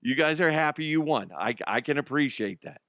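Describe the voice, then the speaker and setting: A man's voice: on the high side, brisk, bright, forceful tone, no echo, studio quality. A man hosting a casual sports talk show, ranting with profanity and sarcasm and laughing at his own jokes. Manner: mocking impressions of fans and players.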